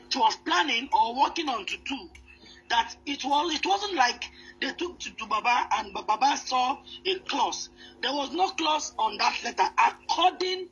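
Earnest high-voiced woman host. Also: fairly bright tone, slightly rough, low-quality recording. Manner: earnest, many restarts and fillers. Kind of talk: commentary on celebrity news.

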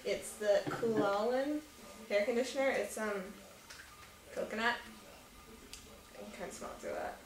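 A woman's voice: medium pitch, moderate pace, long pauses. A young woman chatting casually in a rambling, giggly way as she shows off a shopping haul. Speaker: vlogger. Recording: echoey room from far off with noise.

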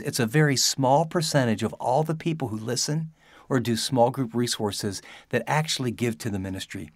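A ministry leader speaking straight to listeners in an earnest, conversational appeal. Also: male voice, medium pitch, dry recording, studio quality.

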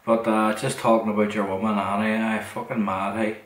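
A middle-aged man with a Northern Irish, Derry accent tells a long, rambling story. His voice is low and flat, and he swears bluntly and repeats himself. He sits back from the mic in a roomy, echoing room with faint noise. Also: brisk, distant mic. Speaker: podcast host.

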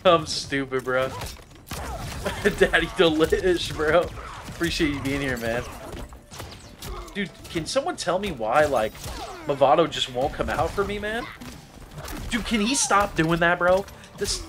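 A man's voice: on the high side, very animated, measured pace, pauses often. A man live-streaming a fighting game, talking to his chat in casual slang, cursing and calling people bro. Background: game music.

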